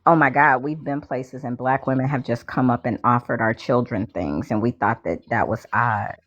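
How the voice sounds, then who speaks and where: A woman host in casual chat, telling stories in an animated way and talking straight to her listeners. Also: a bass voice, moderate pace. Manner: animated storyteller, addresses listeners as y'all. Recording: dull lo-fi audio.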